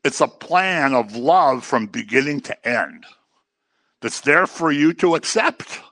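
Speaking slowly with big leaps in pitch, this middle-aged man runs an informal Bible study in a casual way. He repeats phrases to stress them and mimics people in a low, mocking voice; his sound is pushed and bright, recorded dry.

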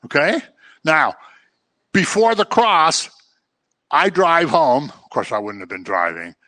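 Man, pastor, sermon, bright tone, dry close sound, chatty storytelling. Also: a little high, lively intonation, slow, no echo. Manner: conversational teaching with acted-out examples.

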